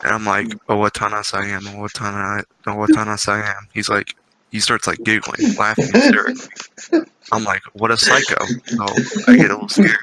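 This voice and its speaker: A man's voice: on the low side, expressive, moderate pace, a bit bright, poor audio. A man co-hosting a podcast in casual chat, telling stories in a wry, dry way. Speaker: podcast co-host. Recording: noticeable background noise.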